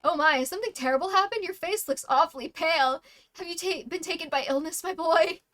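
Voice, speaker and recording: A woman voicing a kindly old male healer priest who speaks in a gentle, courtly, fussing way. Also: very high voice, brisk, pitched above the performer's own voice. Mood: concerned.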